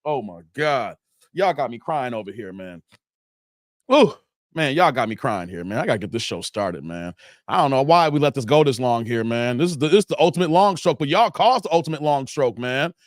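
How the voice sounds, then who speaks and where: High-voiced laughing streamer man. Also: dry recording, clean studio sound. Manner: laughing, joking banter with chat. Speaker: livestream host. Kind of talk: casual live-stream chat.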